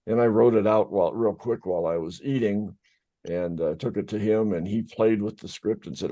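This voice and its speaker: A man's voice: on the low side, fairly quick, warm tone. A man co-hosting a casual group chat about voiceover work, telling stories in a rambling way with many fillers. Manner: rambling, filler-heavy storytelling. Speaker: podcast co-host, voice actor.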